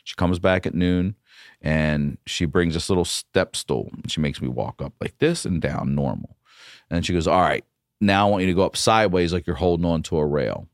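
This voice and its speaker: A man, a comedian guest on a podcast, telling a story in a casual, profane and animated way. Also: low-pitched, moderate pace, no room sound, clean studio sound.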